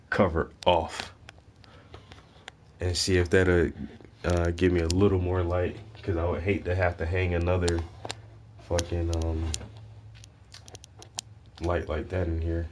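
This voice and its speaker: A man's voice: low voice, slight background noise. Laid-back cussing man in a drawl. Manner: profane, laid-back slang, laughs often. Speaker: painting vlogger. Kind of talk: casual livestream chat while painting. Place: home room with fluorescent lights.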